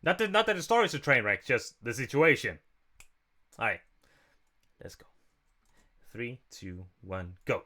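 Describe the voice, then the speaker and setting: A man's voice: medium pitch, big pitch swings, measured pace, pauses often, bright, forceful tone. Chatty man giving a rambling reaction. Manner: rambling, restarts, frequent laughs. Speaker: reaction commentator. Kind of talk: casual blind reaction commentary. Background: music from the video.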